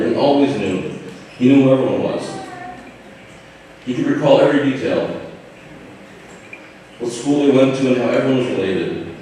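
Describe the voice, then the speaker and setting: A young man giving an informal, halting eulogy for his father from notes, with light humor. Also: mid-range voice, mellow, slight background noise. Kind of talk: memorial speech from notes. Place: large hall at a memorial gathering. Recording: echoey hall, distant mic.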